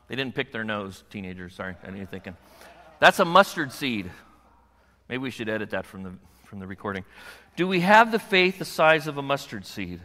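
Older man preaching in a hall. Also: mid-range voice. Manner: animated, acts out voices of kids and wife. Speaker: pastor. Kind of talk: sermon. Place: church sanctuary.

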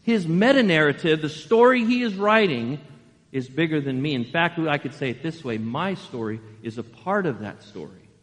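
Male pastor, sermon delivery, animated with rhetorical questions, slightly high voice, long hall reverb. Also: moderate pace.

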